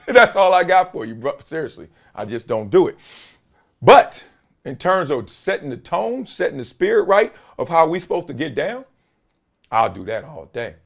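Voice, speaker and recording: A man's voice: fairly high pitch, sing-song, moderate pace, gravelly. A middle-aged man hosting his own show, giving emphatic, slangy solo commentary and laughing often. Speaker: show host.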